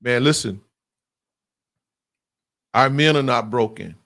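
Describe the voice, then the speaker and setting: A man's voice: medium pitch, slow pace, vocal fry, a bit bright. A man hosting a call-in radio show, talking in an emphatic, preachy way.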